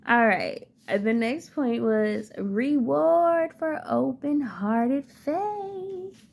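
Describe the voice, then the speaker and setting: A woman's voice: high-pitched, expressive, very slow, vocal fry, darkish tone. A woman giving a casual spiritual tarot and oracle card reading, who laughs often and breaks into song.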